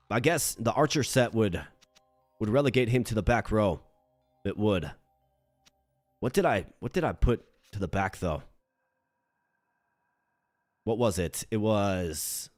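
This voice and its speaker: A man from Minnesota streaming a game, chatting with his viewers and thinking his moves through out loud. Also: no room sound, studio quality. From Minnesota, United States. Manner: animated when greeting chat, low and muttering while planning moves. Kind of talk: live-streamed game commentary.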